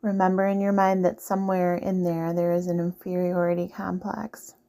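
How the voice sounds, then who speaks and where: Woman vlogging advice, earnest and direct, somewhat low voice, repeats herself. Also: completely flat delivery, normal speed, warm tone. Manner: earnest, repetitive, directly addressing the listener. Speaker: vlogger giving relationship advice. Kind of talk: casual advice monologue to camera.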